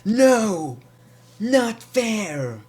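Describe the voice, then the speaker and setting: A man's voice: high voice, sing-song, drawn-out words, a little mellow, pitched above the performer's own voice, exaggerated voice. A man putting on a whiny, childish voice of a spoiled grown man wrestler complaining that things are unfair. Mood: whining.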